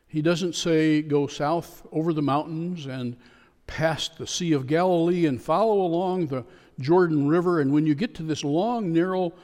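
A man preaching a sermon as a pastor, telling a story with a joke in a calm, measured way. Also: fairly high pitch. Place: church sanctuary. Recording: long church reverb.

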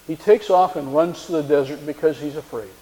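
A man's voice: a little high, brisk, dark tone. A man preaching a sermon, retelling a story and acting out the quoted lines in shifting voices. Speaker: pastor. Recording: long reverb of a large hall.

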